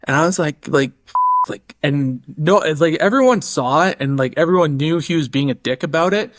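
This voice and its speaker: A man's voice: fairly high pitch, moderate pace, no echo. A man as a podcast guest, telling a story in a casual way, acting out the voices of others and using many fillers. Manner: animated, acts out quoted voices, many fillers.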